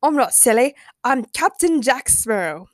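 A woman's voice: fairly high pitch, lively intonation, moderate pace, no echo, studio quality, lightly acted. A woman voicing a cheerful, boastful male pirate captain in a read-aloud fan story. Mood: proud. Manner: proud and breezy.

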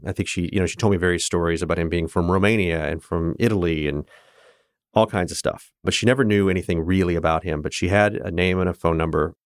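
A middle-aged Kansas man, appearing as a guest, speaks in a low, expressive voice at a fast clip, recorded dry with studio quality. He earnestly and candidly recounts his own family story, restarting sentences and laughing as he reflects.

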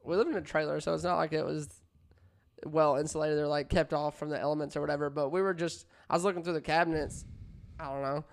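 A man's voice: a little high, fairly even intonation, fast talker, vocal fry. A man co-hosting a podcast, trading crude jokes in casual banter. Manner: crude, joking, often breaks into laughter. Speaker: podcast co-host.

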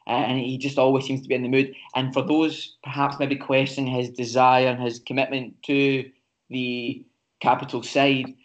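A man co-hosting a casual football podcast, his pitch staying flat and even as he works through his points. He talks in a measured way, often pausing on ums and restarting sentences. The audio is slightly dull and lo-fi. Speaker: podcast co-host.

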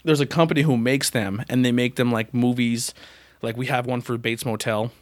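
A podcast host with a medium-pitched, steady voice speaks at normal speed on a dry recording. He sounds out of breath while running a casual interview, joking around and acting out quotes in silly put-on voices.

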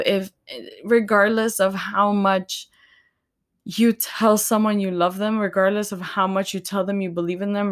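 A woman speaks slowly and gently, with unhurried pauses, as she offers faith-based encouragement. Her tone is earnest and tender, and she sounds close to tears. Her voice sits at an ordinary middle pitch. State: tearful, near crying. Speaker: podcast host.

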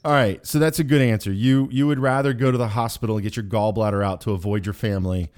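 A man's voice: fairly low pitch, fairly even intonation, fast talker, a little mellow. A man hosting a casual podcast over a video call, teasing his guests with would-you-rather questions. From Kansas City area. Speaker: podcast host.

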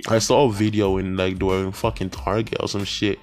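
A man's voice: lowish voice, flat delivery, fairly quick, darkish tone, soft background music. A young man ranting as a vlogger, heated, profane and rambling, full of slang. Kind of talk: profane rant to camera.

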